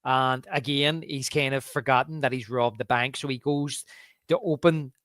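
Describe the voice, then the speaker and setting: A man's voice: medium pitch, steady tone, moderate pace, a bit bright, dry recording, studio quality. A man co-hosting a podcast, chatting casually and animatedly, often acting out lines and laughing. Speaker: podcast co-host. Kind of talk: casual film chat.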